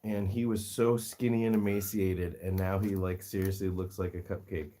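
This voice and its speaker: A man's voice: low-pitched, level tone, normal speed, mellow. A man hosting a casual livestream, talking fondly to his guinea pigs and his viewers, often breaking into laughter. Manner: chatty, fond baby-talk to his pets, laughs often. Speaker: guinea pig rescue livestream host.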